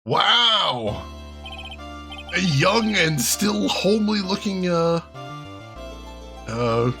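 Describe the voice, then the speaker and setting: A man hosting a let's play, reacting with jokes and frequent laughs while he greets chat. His pitch swings widely. Faint music plays under him. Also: sharp tone. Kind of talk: casual game commentary.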